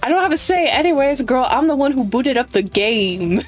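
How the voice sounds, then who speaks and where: A woman's voice: sits high, expressive, normal speed, faint music behind. A young woman streaming a visual novel, chatting playfully with viewers and reading the game's lines aloud. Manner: playful and giggly, reads lines in character. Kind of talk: casual live-stream chat and reading game text aloud.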